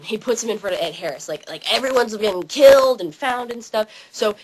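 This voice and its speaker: Hyper husky-voiced young woman ranting. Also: on the low side, poor audio. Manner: yelling, hyper, acts out scenes in funny voices. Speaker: vlogger. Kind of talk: excited movie rant.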